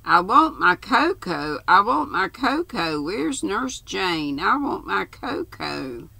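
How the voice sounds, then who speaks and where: Storybook figure: fretful old woman, shrill and loud, voiced by an older woman narrator, gravelly edge, dry close mic. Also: animated, slow pace, no room sound, heavily acted. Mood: demanding. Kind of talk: storybook reading.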